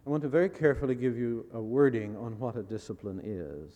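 Measured preacher in a reverberant hall. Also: male voice, mid-range voice, mellow, lo-fi sound. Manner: measured, repeats key phrases for emphasis; asks the audience rhetorical questions. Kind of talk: sermon.

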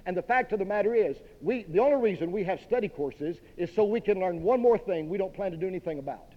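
A man's voice: high voice, animated, quick pace. A man from Dallas, preaching a sermon in a direct, emphatic, folksy way. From Dallas, Texas. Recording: dull long-reverb hall recording.

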